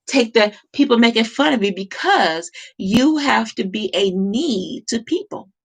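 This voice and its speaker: A woman's voice: fairly high pitch, expressive, unhurried, slightly rough. A woman talking to camera in an impassioned monologue, emphatic and repetitive, firing off rhetorical questions. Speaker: vlogger.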